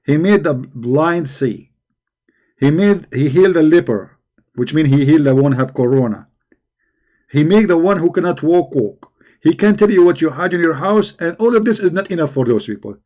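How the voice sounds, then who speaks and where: A man hosting a casual livestream, talking in a mocking, animated way with quick asides. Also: on the high side. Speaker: host.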